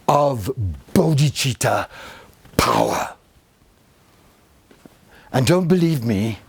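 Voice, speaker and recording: An older man giving a spiritual talk to a retreat group, expressive and effusive, teasing his listeners fondly. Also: mid-range voice, vocal fry, breathy edge. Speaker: spiritual teacher.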